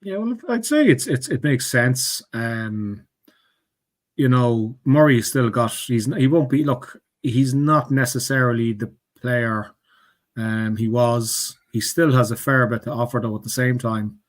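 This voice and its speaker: A man's voice: medium pitch, a little slow. A man on a sports podcast panel, speaking hesitantly with many ums and restarts. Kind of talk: casual podcast chat.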